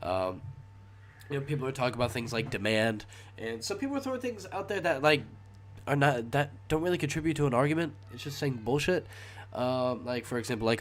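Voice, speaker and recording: A man's voice: medium pitch, very animated, a little fast. A young man hosting a casual solo podcast, sounding stuffy from a cold and rambling with frequent hesitations and restarts. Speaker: podcast host.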